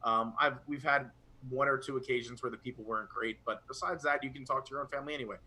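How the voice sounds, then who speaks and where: A man's voice: mid-range voice, steady tone, quick pace, pushed and bright. A young man co-hosting a casual live chat, talking with rambling enthusiasm. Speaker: podcast co-host.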